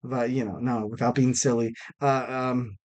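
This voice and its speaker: A man's voice: medium pitch, little pitch movement, normal speed, a little mellow. A man hosting a wrestling podcast alone, rambling casually with lots of fillers and self-mocking jokes. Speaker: podcast host. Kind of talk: casual solo podcast talk.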